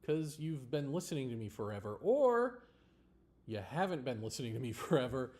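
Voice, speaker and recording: A man's voice: medium pitch, very animated, moderate pace, a little mellow. A man hosting a livestream, talking in a rambling, blunt monologue with swearing and laughs. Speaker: livestream host. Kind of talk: casual political monologue.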